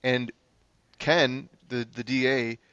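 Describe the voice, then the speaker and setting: Bright-voiced man telling a wild story. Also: medium pitch, smooth. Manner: animated, profane, fast-moving anecdote. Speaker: public defender. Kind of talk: casual podcast storytelling. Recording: slightly dull lo-fi sound.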